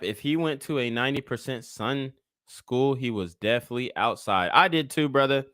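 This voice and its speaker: A man's voice: medium pitch, normal speed, a bit bright, no room sound, studio quality. A man in his twenties giving casual livestream commentary, a blunt and profane rambling storyteller.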